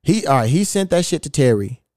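A man's voice: a little high, sing-song, brisk, a little mellow, dry recording, studio quality. Profane, amused podcast host, man. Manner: profane, amused, quotes texts aloud. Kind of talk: casual storytelling chat.

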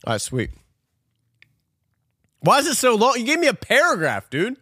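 A man's voice: extremely high pitch, huge pitch swings, bright, forceful tone, husky, dry recording, clean studio sound. A man co-hosting a casual podcast chat, laughing often and stretching words out oddly as he plays a word game. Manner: giggly, drawls words out slowly and oddly. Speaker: podcast co-host.

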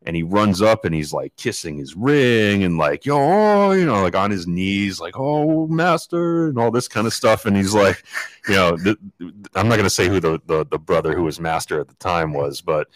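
Man, podcast co-host, animated rambling storyteller, very deep voice. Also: normal speed, no echo. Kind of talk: casual storytelling chat.

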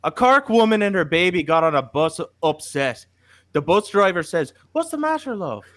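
A mocking Irish man rattles off roasting jokes in a lilting, teasing voice that jumps up high, as a man puts him on. The sound is dry and close. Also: big pitch swings, normal speed, fairly bright tone, no echo.

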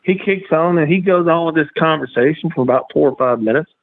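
A man, a guest telling stories in a drawling, animated way. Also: fairly high pitch, a little fast. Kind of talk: casual storytelling. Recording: tinny phone line, dry.

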